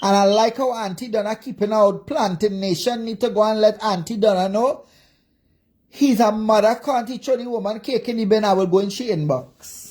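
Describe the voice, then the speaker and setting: A woman's voice: medium pitch, moderate pace, dark tone. A woman with a Jamaican accent, ranting angrily on a livestream with constant profane insults. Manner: profane, insulting, repetitive cursing. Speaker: social media commentator. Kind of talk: angry livestream rant.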